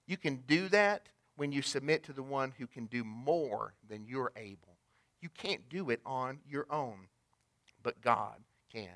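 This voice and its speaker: A man preaching a sermon in a conversational way, swinging from loud emphasis to hushed asides and talking directly to the congregation. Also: fairly high pitch. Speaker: pastor.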